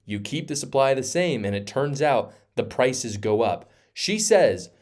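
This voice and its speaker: A man's voice: mid-range voice, animated, a little slow, a little mellow. A man giving emphatic, sarcastic opinion commentary as host of his own show. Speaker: political commentator.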